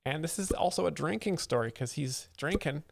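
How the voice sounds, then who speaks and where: Deadpan man with a gravelly voice. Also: fairly high pitch, fairly quick, no room sound, studio quality. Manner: deadpan, sarcastic asides. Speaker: host explaining comedy clips on a livestream. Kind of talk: dry livestream commentary.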